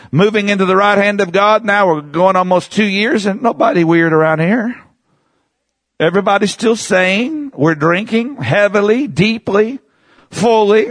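A middle-aged man preaching in church, animated, rushing through some phrases and drawing out others slowly. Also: high-pitched, no room sound, studio quality. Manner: animated preaching, swings from fast bursts to slow emphatic words. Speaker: pastor. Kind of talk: lively sermon.

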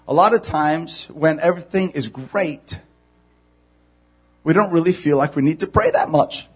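A male pastor preaching a sermon, animated, moving from hushed, low passages to loud, shouting ones. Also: unhurried, husky.

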